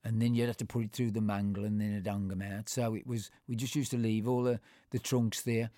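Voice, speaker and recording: A man's voice: lowish voice, level tone, fairly quick, mellow, no room sound. Older man, Black Country accent, rambling nostalgic storyteller, dry close sound. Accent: Black Country English. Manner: rambling, full of fillers and self-corrections; acts out other people's voices in anecdotes. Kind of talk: casual reminiscing.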